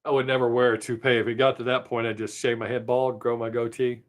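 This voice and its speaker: A man's voice: medium pitch, level tone, fast talker. A man hosting his own live stream, chatting with viewers in a rambling, joking, self-mocking way.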